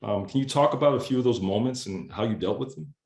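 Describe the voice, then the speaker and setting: Dean-type guy with a really deep voice asking careful questions, echoey room on a video call. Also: expressive, darkish tone. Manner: measured, formal questioning. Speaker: interviewer, university dean. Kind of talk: moderated interview questions. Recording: roomy echo on a video call.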